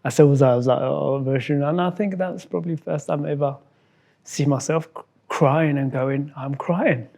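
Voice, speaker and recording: A man from Somalia, a guest in an interview, telling a personal story in a halting way, repeating words and acting out what others said. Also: a little high, steady tone, gravelly, mellow. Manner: halting, repeats words, acts out quoted dialogue.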